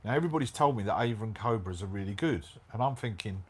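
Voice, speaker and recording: A middle-aged man telling a motorbike travel story in casual chat, animated and full of slang. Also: fairly low pitch, fast, few pauses, slightly rough. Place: hotel room, indoors.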